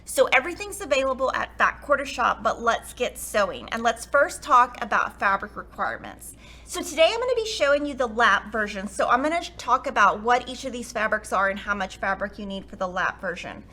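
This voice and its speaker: A woman with a bright, somewhat high voice leads a sewing tutorial. She chats along eagerly, explaining fabrics and steps in a friendly, upbeat tutorial manner. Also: expressive, fairly quick. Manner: chatty, warm, enthusiastic explaining. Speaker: quilting tutorial host.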